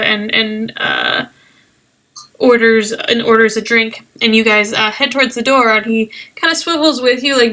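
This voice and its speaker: A woman's voice: fairly high pitch, sharp tone. A woman narrating as game master in a tabletop game, rambling with many fillers and laughs.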